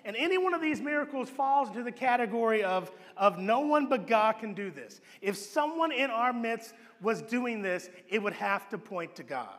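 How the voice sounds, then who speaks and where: A man preaching a sermon as pastor, telling the story with animated acted-out voices and dropping to a low hush for emphasis. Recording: long hall reverb.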